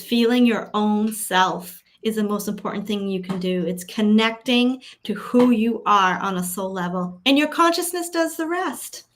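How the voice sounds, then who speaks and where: Speaking at a medium pitch, a female spiritual guide sincerely leads her audience through spiritual discussion and a slow, repetitive affirmation practice.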